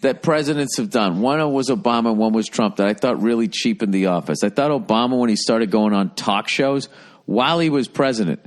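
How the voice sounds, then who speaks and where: A middle-aged man co-hosting a podcast, chatting casually in a profane, animated ranting way. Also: mid-range voice, a little fast. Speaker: podcast co-host. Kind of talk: casual chat.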